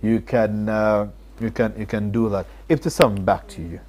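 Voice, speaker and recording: A man's voice: fairly low pitch, normal speed. A man co-hosting a live broadcast, chatting casually and mixing Swahili with English. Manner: mixes Swahili and English, animated, reads viewer comments. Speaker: TV co-host.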